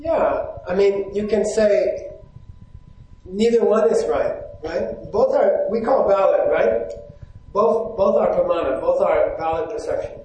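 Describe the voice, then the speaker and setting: Brief: male Buddhist teacher, higher-pitched voice, keeps quizzing the room, heavy hall echo. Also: lively intonation, unhurried, mellow, recorded from a distance. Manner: keeps checking in with the audience, asking questions. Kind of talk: live teaching talk to an audience. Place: hall with a stage. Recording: very echoey hall.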